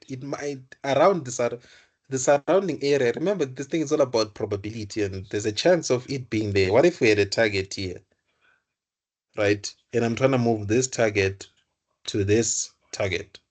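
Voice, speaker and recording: A young man tutoring computer science, explaining code aloud, often correcting himself and repeating words. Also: medium pitch. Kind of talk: live coding lesson.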